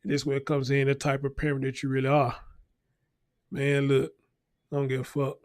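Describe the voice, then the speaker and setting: A man's voice: medium pitch, completely flat delivery, a little fast, dry recording, studio quality. A man hosting a casual news commentary show, talking bluntly and profanely and repeating his points for emphasis. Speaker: show host.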